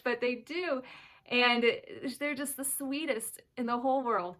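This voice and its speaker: A woman's voice: a little high, moderate pace, sharp tone. A woman in her thirties speaking in a candid personal vlog, earnest and emotional, close to tears at times. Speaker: mother of twin daughters sharing her story.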